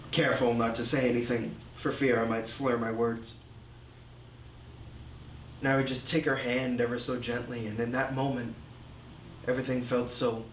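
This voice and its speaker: An actor playing a remorseful man confessing his drinking and insecurity, telling it slowly and haltingly in a film monologue. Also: mid-range voice, a bit bright, slight background noise, natural voice. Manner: slow, halting, reflective storytelling. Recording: roomy echo.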